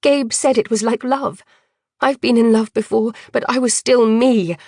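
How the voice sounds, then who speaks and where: A woman voicing a defiant, stubborn young woman held prisoner, speaking quickly. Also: fairly high pitch, steady tone, warm tone, no echo, studio quality, voice pushed up.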